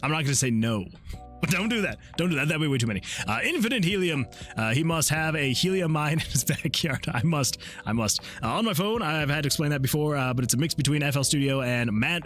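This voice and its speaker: A man's voice: on the high side, fairly bright tone. A man, an indie game developer, chatting casually on a livestream into a desk microphone, reading chat messages aloud and chuckling often. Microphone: desktop USB microphone.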